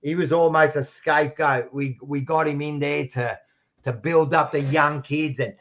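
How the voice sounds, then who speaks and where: Aussie bloke hosting footy chat, loud and pushy, kinda lo-fi sound. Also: male voice, fairly high pitch, steady tone, normal speed. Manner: rowdy, eggs on the live chat. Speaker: podcast host.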